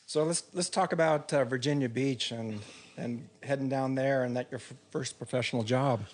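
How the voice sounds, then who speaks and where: A man's voice: mid-range voice, steady tone, moderate pace, a little mellow. A man hosting a casual podcast chat, steering the talk with short agreeing interjections. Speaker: podcast host.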